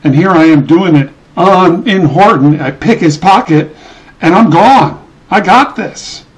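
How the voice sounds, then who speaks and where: A man's voice: high voice, a little slow, poor audio. A middle-aged man joins the podcast chat as a former teammate. He mostly answers in short agreeing replies and pokes fun at himself. His voice sits a little above the usual for a man. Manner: short agreeing replies and self-mocking asides. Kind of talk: casual chat.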